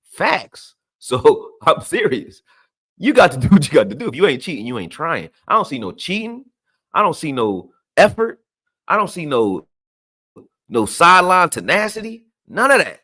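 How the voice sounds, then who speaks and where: A man giving a loose, profane football rant, blunt and full of slang. His pitch swings widely as he gets worked up, climbing high and then sinking low. He talks straight at you, like a fan breaking down game film. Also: pushed and bright, husky. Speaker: sports commentator.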